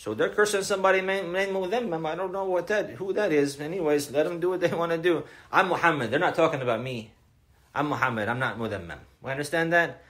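A man's voice: on the high side, fast, few pauses, a bit bright. A man giving a religious lecture, emphatic and repetitive, often asking his listeners questions. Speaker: Islamic lecturer.

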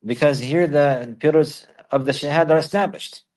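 A man's voice: fairly high pitch, normal speed, a little mellow. A man teaching a religious lesson, who recites in Arabic and then explains in English, repeating key phrases for emphasis. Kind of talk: Islamic lesson, explaining texts.

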